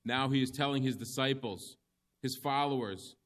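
A man preaching a sermon, reading scripture in slow, measured phrases with emphatic pauses. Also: mid-range voice, a bit bright.

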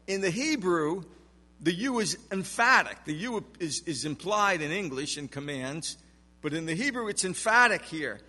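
A man's voice: high voice, animated, measured pace, pushed and bright, long reverb tail. A man preaching an expository sermon in a church sanctuary, emphatic, with rhetorical questions. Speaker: pastor.

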